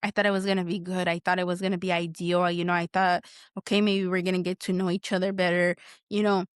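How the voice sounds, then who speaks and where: A woman's voice: on the low side, little pitch movement, fast, smooth, no echo, studio quality. A woman hosting her own podcast, venting bluntly and emotionally with heavy swearing and frequent restarts. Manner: blunt, heavily profane venting; emotional, repeats herself while searching for words. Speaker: podcast host. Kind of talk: candid solo podcast monologue.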